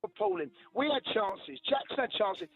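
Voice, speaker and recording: A defensive, insistent man comes through a tinny phone line with a faint hiss. His voice sits very high and swings up and down as he stubbornly holds his ground. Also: animated, moderate pace, gravelly. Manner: defensive, insistent, keeps saying "right?". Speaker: radio phone-in caller. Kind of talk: heated radio phone-in argument.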